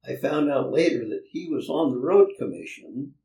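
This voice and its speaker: This older land developer's voice is mellow and on the high side, and he moves at a moderate pace. Telling folksy stories in an interview, he chuckles as he plays the people in them, and the recording is roomy and distant from the mic.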